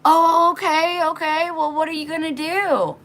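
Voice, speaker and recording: A woman mimicking an overbearing, pushy older woman neighbor with a high, sugary, gushing voice. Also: little pitch movement, a little slow, fairly bright tone. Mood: flustered.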